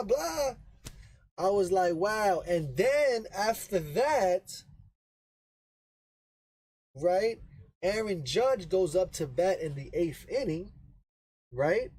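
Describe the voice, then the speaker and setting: High-voiced man chatting about baseball. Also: darkish tone, no echo, rough recording. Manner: rambling, explains with frequent "right?" tag questions; repeats himself for emphasis. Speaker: baseball podcast host. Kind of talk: casual sports talk.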